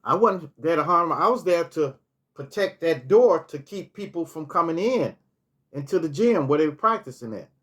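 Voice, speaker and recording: A fairly high, expressive, slightly bright voice at normal speed belongs to a middle-aged storytelling vlogger. In his casual monologue he rambles, restarts words and keeps saying "you know" as things come back to him.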